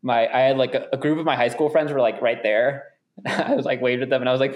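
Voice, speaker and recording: A young man chats loosely about racing, drifting from one story to the next with frequent laughter. His voice sits at an ordinary middle pitch, relaxed and conversational. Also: fast, a little hiss or hum. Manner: laughs often, rambling storyteller. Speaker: marathon runner guest. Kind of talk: casual chat.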